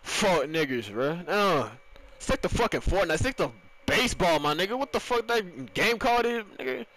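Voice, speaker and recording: A young man rants through his gameplay commentary in a somewhat high voice. He swears constantly and bursts into frustrated yells, then sinks back into low, grumbling mutters. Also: animated, normal speed. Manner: ranting, profane, often yelling in frustration; swings between loud outbursts and low muttering. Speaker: gamer.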